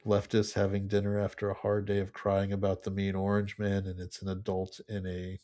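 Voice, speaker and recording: Low, flat-voiced man reading memes aloud. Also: fairly quick. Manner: laughs often while reading. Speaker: podcast co-host reading memes.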